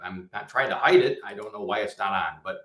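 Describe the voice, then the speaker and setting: Midwest guy on a live panel, calm and articulate, lays out his points, roomy echo. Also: fairly low pitch. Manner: measured, articulate, explains at length. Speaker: guest panelist. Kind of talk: livestream panel chat.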